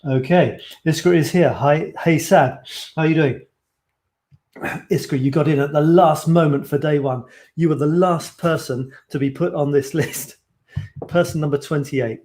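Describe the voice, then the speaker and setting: A man's voice: fairly high pitch, fairly even intonation, a little slow, darkish tone. A man hosting a casual photo challenge livestream, chatting in a rambling, friendly way and reading out viewer comments. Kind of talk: casual live stream chat.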